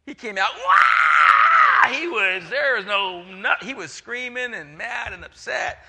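Middle-aged pastor guy preaching, bright sharp voice, pitch a bit high, acts out the story bits. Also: moderate pace. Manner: animated storytelling with acted-out voices. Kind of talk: sermon.

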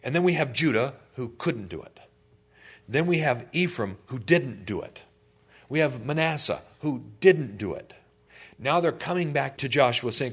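A man's voice: mid-range voice, normal speed, breathy edge. A male pastor teaching a sermon in a conversational way, often asking listeners questions. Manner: conversational, animated, asks the audience questions.

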